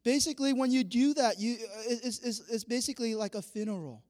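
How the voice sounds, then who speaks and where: A high-pitched man delivers a lively sermon, acting out the voices of the people he quotes. His words ring out with a long reverb, as in a large hall. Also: quick pace. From Vietnam. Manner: animated, acts out quoted dialogue, laughs often. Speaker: pastor.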